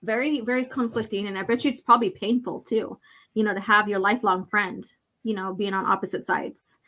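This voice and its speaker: A woman's voice: medium pitch, steady tone, sharp tone. A woman hosting a casual chat, reading comic book panels aloud and commenting with lots of fillers. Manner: chatty, many fillers, reads dialogue slowly with emphasis.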